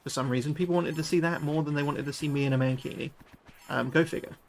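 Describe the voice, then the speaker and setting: Gravelly British streamer, swearing freely. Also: male voice, a little high, fast talker, a little hiss or hum. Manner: chatty, excitable, swears freely. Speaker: livestreamer. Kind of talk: live gameplay commentary chatting with viewers.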